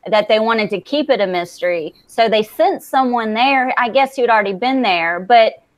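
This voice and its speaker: A woman from the Southern US with a Southern accent, talking in a blunt, animated way and swearing freely in a casual recap chat. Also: fairly high pitch, normal speed. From Southern United States.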